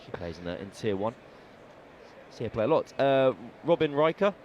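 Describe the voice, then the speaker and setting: A man's voice: mid-range voice, big pitch swings, normal speed, muffled recording, slight background noise. A man co-commentating on radio cricket, telling stories in a playful, jokey way and stumbling over names. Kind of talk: casual sports radio chat.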